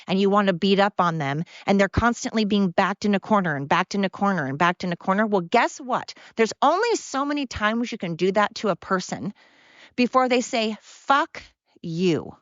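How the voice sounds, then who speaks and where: On her own show, this podcast host launches into a solo rant that's angry and sarcastic, hammering points with emphatic repetition. She has a mid-range voice, captured with no room sound in dull lo-fi audio.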